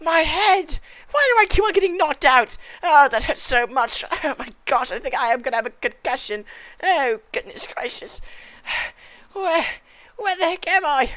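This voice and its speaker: A woman's voice: high-pitched, animated, normal speed, fairly bright tone. A woman voicing a panicky male time traveller, with frantic, repetitive exclamations in amateur comedic acting. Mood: dazed.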